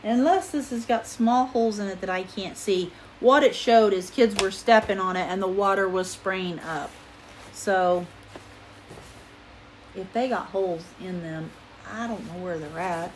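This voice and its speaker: A middle-aged woman, chatting casually through a haul video at home, rambling and goofy, sometimes talking quietly. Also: medium pitch, a little slow, a little hiss or hum. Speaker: vlogger. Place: home room, indoors.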